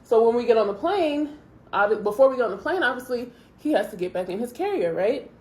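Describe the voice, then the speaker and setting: Young woman vlogger, casual storyteller, chatty and animated, roomy echoey sound. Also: a little high, fast talker. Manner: chatty, animated retelling with quoted asides.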